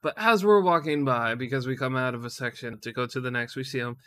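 A man's voice: mid-range voice, quick pace, a bit bright. A young man tells a casual story in a rambling, profane way and stumbles over his words. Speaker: vlogger.

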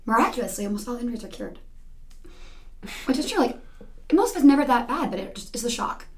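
A woman who teaches second grade, telling stories in a quick, animated way during a casual interview. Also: on the high side.

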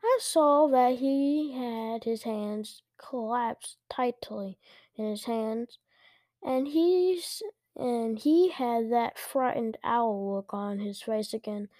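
A woman's voice: fairly high pitch, slow, dark tone, no room sound, studio quality. A woman reading a children's book aloud, carefully and with small restarts. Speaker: story reader.

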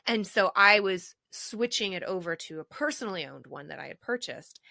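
A woman co-hosting a podcast in casual chat, telling stories in an animated, chatty way. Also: mid-range voice, normal speed, creaky, no room sound, studio quality. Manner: chatty storyteller, animated retelling. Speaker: podcast co-host. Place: home recording with a drink.

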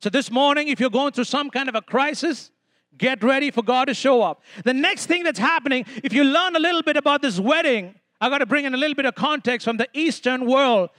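Man, pastor, emphatic sermon, very high voice, bright tone, dry sound. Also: fairly quick, no echo. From India. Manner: emphatic preaching with call-and-response to the congregation.

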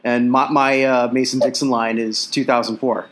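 A man's voice: mid-range voice, little pitch movement, moderate pace, fairly bright tone. A man co-hosting a casual sports podcast, reeling off statistics with plenty of fillers. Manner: reels off statistics, filler-heavy. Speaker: podcast co-host.

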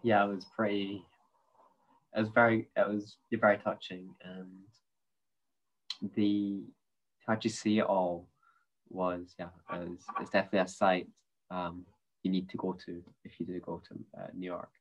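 A man chatting casually about a trip, relaxed and prompting his co-host. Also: deep voice, moderate pace, long pauses, highs cut off. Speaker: podcast co-host. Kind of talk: casual travel chat.

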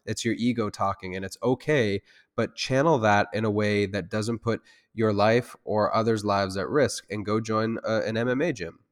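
Low-voiced self-defense instructor, rambling. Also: male voice, normal speed. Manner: loose, rambling talk with many restarts and fillers; gets loud and heated when making a point. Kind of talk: conversational interview.

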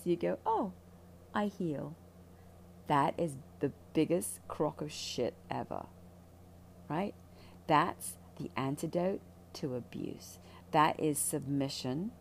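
A woman's voice: sits low, vocal fry, darkish tone, slight background noise. A woman who guides ayahuasca ceremonies, talking candidly about spiritual healing in a blunt, intense, profane way.

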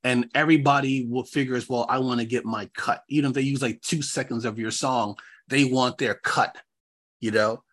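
A man's voice: medium pitch, steady tone, normal speed, fairly bright tone. A man from New York co-hosting a podcast in casual chat, rambling with many fillers. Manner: rambling, filler-heavy, restarts often. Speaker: podcast co-host.

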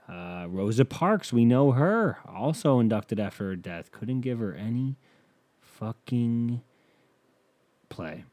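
A man with a mellow, middle-pitched voice riffing sarcastically on a comedy podcast, swearing freely as he reads aloud. The sound is dry and close, with no room around it. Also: no echo. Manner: irreverent, sarcastic, profane. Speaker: podcast host.

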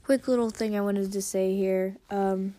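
A woman hosting a podcast, reading her own story aloud casually, stumbling and correcting herself, clearing her throat often. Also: mid-range voice, steady tone, normal speed, music in the background. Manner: stumbling, restarts and self-corrections.

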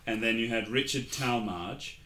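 A man's voice: mid-range voice, moderate pace, pushed and bright. A man co-hosting a casual film review podcast, joking and rambling, often breaking into laughter. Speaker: podcast co-host.

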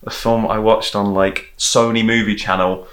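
A man co-hosting a casual film chat, talking in an animated way with quick reactions. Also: lowish voice. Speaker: podcast co-host. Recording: roomy echo.

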